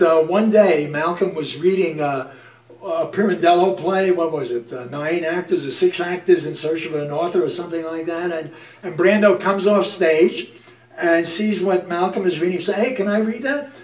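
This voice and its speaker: A man's voice: fairly high pitch, darkish tone, echoey room, far from the mic. A man hosting an interview, recounting stories with frequent hesitations. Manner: hesitant, many "uh" fillers. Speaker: host. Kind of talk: casual interview chat.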